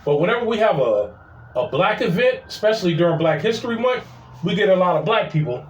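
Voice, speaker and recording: A man casually telling a story, animated and full of "I was like". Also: sits high, a little fast, lo-fi sound, soft background music. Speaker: storyteller, city parking attendant. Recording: roomy sound from a distance.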